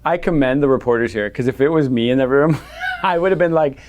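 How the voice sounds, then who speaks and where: A man co-hosts a casual podcast and talks quickly. He sounds exasperated and sarcastic about the news. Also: mid-range voice. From Canada. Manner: animated, exasperated, mocking impressions. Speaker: podcast co-host. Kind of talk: casual political commentary.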